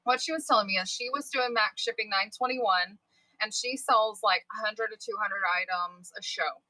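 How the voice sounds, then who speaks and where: A woman's voice: medium pitch, normal speed, sharp tone, dry recording, poor audio. A young woman chatting casually and candidly as a livestream seller, swearing and wandering off topic.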